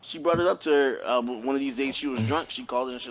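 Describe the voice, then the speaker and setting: A man in his thirties on a podcast, telling family stories in an animated, profane way with lots of laughs. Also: mid-range voice, quick pace, noisy background. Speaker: podcast co-host. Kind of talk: casual chat.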